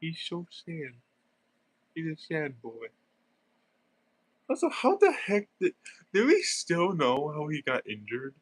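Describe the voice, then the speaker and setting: A man's voice: on the high side, wildly swooping pitch, slow pace, long pauses. A young man with a stuffy nose, rambling through casual gameplay commentary with lots of fillers and giggles. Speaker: gaming streamer.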